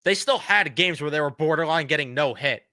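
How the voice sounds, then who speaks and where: A man hosts a fan reaction stream, blunt and sarcastic in his frustration, with his voice going hoarse. His tone is bright and smooth. The recording is close and dry. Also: fairly high pitch, lively intonation, a little fast, dry recording. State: losing his voice. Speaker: sports fan show host.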